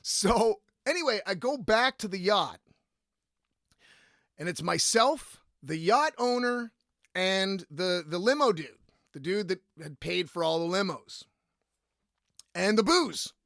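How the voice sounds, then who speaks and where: A man hosting a podcast, telling a rambling story in a casual, profane and lively way. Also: high-pitched, slow pace, creaky, long pauses, no room sound, clean studio sound. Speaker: podcast host.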